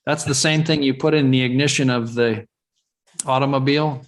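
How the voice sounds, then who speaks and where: A man from California hosts a live webinar over a video call. His voice sits at an ordinary middle pitch. He talks in a loose, rambling way, full of "um"s and restarts. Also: fairly even intonation, fast talker. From California, USA. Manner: rambling and chatty, with frequent fillers and restarts. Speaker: webinar host. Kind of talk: casual live webinar chat.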